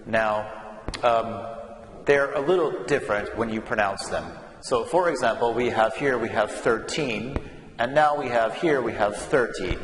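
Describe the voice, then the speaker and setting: Speaking at medium pitch and an unhurried pace, a male teacher gives a slow classroom lesson on English numbers, patiently drilling words for listeners to repeat. Long reverb and a faint hum suggest an echoey room.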